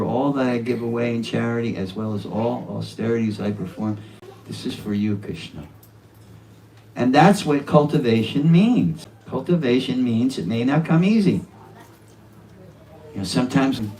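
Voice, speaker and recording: A man in his seventies speaks with medium pitch, earnestly giving a devotional talk at a home gathering. The low-quality recording is distant with a little hiss or hum, and his talk carries warm laughter and quoted asides.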